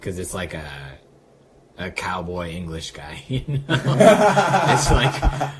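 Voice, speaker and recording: Low-voiced joking young man. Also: measured pace, over a noisy crowd. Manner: crude, laughing, joking. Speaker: podcast co-host. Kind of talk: casual chat, comedy game.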